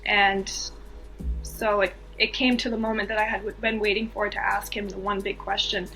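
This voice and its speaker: A woman's voice: mid-range voice, flat delivery, normal speed, pushed and bright, faint music behind. A woman from the US East Coast, a podcast guest, telling a personal story earnestly and with feeling, repeating phrases for emphasis.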